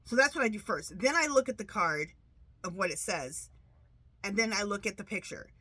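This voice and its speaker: A woman's voice: mid-range voice, expressive, moderate pace, bright, forceful tone, breathy edge, no room sound. A woman tarot reader talking casually to her viewers, chatty and rambling with many restarts, her nose stuffed up from allergies. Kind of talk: casual monologue to camera.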